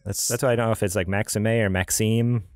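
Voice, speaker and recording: A man's voice: fairly low pitch, steady tone, racing, no room sound, studio quality. A man hosting a casual gaming podcast, chatty and rambling, often laughing. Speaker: podcast host.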